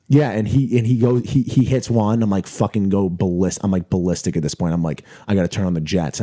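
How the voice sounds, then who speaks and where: Young man, podcast guest, mellow tone, rambling, excitable storytelling. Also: fairly low pitch. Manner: excitable, profane, rambling with many restarts. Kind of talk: casual storytelling.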